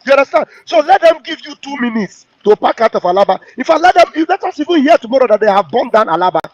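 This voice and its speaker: Heated male host, high voice. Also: sing-song, fast, dry recording. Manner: heated, mocking, acts out quotes. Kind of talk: impassioned political commentary. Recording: dull, dry lo-fi audio.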